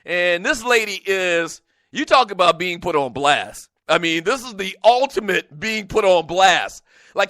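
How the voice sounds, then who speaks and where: A middle-aged man hosting a sports talk radio show, venting in an animated way and laughing often. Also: high-pitched, dry recording.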